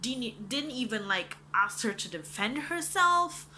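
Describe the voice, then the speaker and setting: A young woman reviewing a book in casual chat, animated and ranting, swearing freely and saying "like" a lot. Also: on the high side, a little slow, a little hiss or hum.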